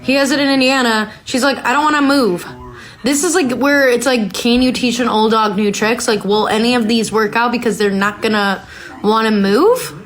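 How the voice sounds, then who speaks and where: A woman's voice: fairly high pitch, steady tone, normal speed. A woman hosting a podcast, chatting casually and reacting aloud as she recaps a reality show, with lots of filler words. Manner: chatty, reacts aloud while watching, many "like"s. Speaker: podcast host.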